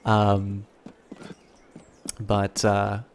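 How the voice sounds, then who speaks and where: A man streaming live, chatting casually to his viewers, rambling and correcting himself, and talking faster when he gets excited. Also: fairly low pitch, slight background noise.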